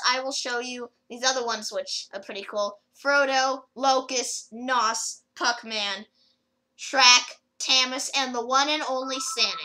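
A woman chats loosely through a gameplay video in a very bright, sharp voice that sits a little high. She rambles and fills pauses with fillers, often stopping and restarting her sentences. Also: rough recording. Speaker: gaming video creator. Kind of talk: casual gameplay commentary.

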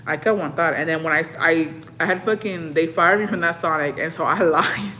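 Profane, animated young woman storyteller. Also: sits low, moderate pace, a little hiss or hum. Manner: profane storytelling, slips between English and Spanish; animated, acts out what people said. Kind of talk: casual chat.

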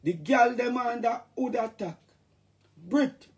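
A man with a Jamaican accent, rambling casually to his fans on a live stream and breaking into shouted catchphrases. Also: very high-pitched, slow pace. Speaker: dancehall artist talking to fans.

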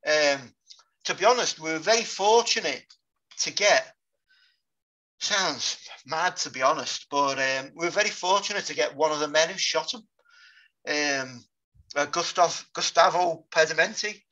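Sober man recounting combat, bright-toned. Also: on the high side. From Britain. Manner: sober, halting recollection. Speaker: guest, war veteran. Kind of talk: interview storytelling. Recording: dull lo-fi podcast audio.

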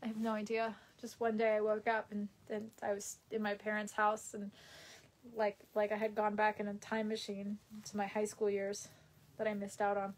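A woman's voice: mid-range voice, monotone, normal speed. A young woman chatting casually on a live stream from a room in her parents' house, rambling and reading viewer comments aloud.

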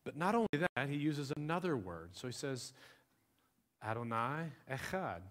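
Higher-voiced pastor preaching conversationally. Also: male voice, sing-song, a little fast. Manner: conversational preaching, swings between soft and emphatic. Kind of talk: sermon.

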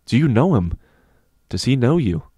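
A man's voice: very animated, moderate pace, dark tone, husky, no echo. A man voicing a frightened young schoolboy who pleads and stammers. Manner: pleading, stammering, high-strung.

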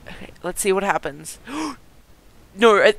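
A gaming video host giving excited let's-play commentary, chatty with viewers, giggling and yelping at surprises. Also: medium pitch, a little slow, vocal fry, poor audio. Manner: chatty, talks straight to viewers.

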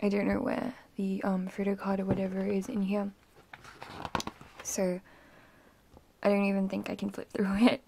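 A young woman gushes and rambles through an album unboxing, now and then dropping into a breathless whisper of awe. Her mid-pitched voice carries a gravelly fry, and a faint hiss sits under the home recording. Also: monotone, normal speed, pauses often. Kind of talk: excited unboxing chatter.

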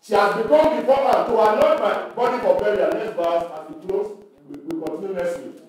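A man leads a Bible study for church workers, reading verses aloud and pausing to quiz his listeners. His voice sits high, and it is picked up from far away. The hall around him rings with heavy echo. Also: animated, a little mellow. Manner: preacherly, asks the audience questions and reads scripture aloud. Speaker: church leader teaching workers. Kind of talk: Bible teaching at a leadership meeting. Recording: echoey hall recorded from far off.

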